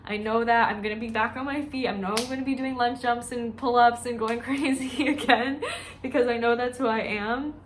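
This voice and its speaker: A woman's voice: on the high side, fairly even intonation, a little fast, slight background noise. A woman who works as a dietitian, talking candidly and emotionally in a chatty personal vlog.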